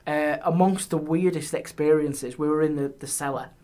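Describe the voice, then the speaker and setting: A man, a guest on a podcast, telling ghost stories in a lively way and dropping his voice on eerie details. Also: on the high side, normal speed. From England. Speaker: guest, paranormal historian. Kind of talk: casual storytelling. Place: podcast studio.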